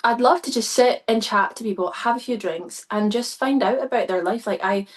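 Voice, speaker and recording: A woman's voice: fairly high pitch, normal speed. A stage performer, a woman, chatting as a podcast guest, gushing and enthusiastic with many fillers. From Scotland. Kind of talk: casual podcast chat.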